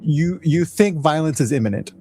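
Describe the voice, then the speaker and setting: A man running a tabletop game over an online call, narrating scenes and asking players what they do. His voice is mellow and dark, and he laughs easily and stumbles into restarts as he talks. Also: a little high, animated, moderate pace, soft background music. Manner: laughs often, hesitant restarts. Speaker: game master.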